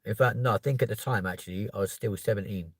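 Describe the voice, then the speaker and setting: A man's voice: on the low side, fast talker, husky, dry recording, clean studio sound. A man in his thirties with a London accent, telling a long story in casual talk, swearing freely and tagging lines with "right?". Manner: animated, voice jumps up when quoting himself. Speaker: podcast host.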